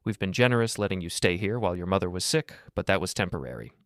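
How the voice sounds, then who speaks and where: Curt heartless dad read by a deep-voiced guy, flat matter-of-fact, dry close mic. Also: quick pace, no echo. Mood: cold. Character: cold dismissive middle-aged father.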